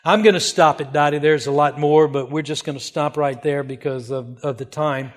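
Older male missionary, fairly high pitch, earnest heartfelt storyteller narrating slides to supporters. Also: fairly even intonation, normal speed. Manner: earnest, emotional storytelling with repeated phrases.

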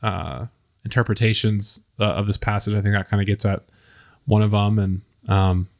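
A man hosting a casual Bible study podcast, talking in a hesitant way with many pauses and fillers. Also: lowish voice, steady tone, vocal fry. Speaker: podcast host leading discussion.

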